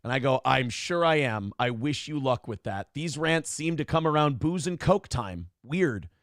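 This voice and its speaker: A man's voice: mid-range voice, lively intonation, moderate pace, a bit bright, no room sound, clean studio sound. A man hosting a casual morning show, talking in a blunt, profane and sardonic way. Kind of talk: casual podcast chat.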